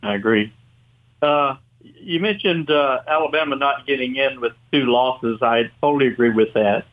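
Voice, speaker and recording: A man's voice: mid-range voice, moderate pace. A man co-hosting a sports podcast, agreeable and teasing his guest. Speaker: podcast co-host. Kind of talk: casual sports talk. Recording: dull lo-fi sound.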